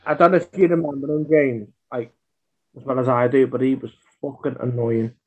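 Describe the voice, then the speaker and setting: A man's voice: medium pitch, steady tone. Man, Merseyside accent, sweary, lots of fillers, casual chat, muffled lo-fi audio. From Birkenhead, England. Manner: sweary, filler-heavy, rushes bursts of words. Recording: dull lo-fi sound.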